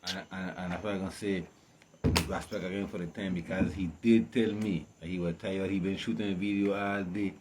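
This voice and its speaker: A man's voice: sits low, steady tone, fairly quick, very noisy. A man hosting a casual interview, laid-back and affirming the guest. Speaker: interview host.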